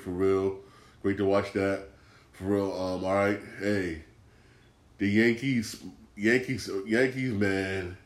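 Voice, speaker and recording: A man hosting a casual solo podcast, talking emphatically, repeating himself and restarting phrases. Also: on the low side. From Connecticut. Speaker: podcast host. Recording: echoey room.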